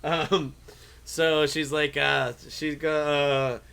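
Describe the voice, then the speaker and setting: A man running a tabletop game as game master, talking casually with halting restarts and the odd swear. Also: a little high, level tone, vocal fry, a bit bright, smooth.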